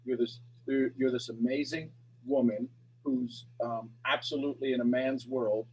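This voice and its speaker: A man hosting a coaching call, talking in an energetic, encouraging way. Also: medium pitch, moderate pace, a little hiss or hum, low-quality recording. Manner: energetic, encouraging, talks to the audience directly. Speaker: coaching show host.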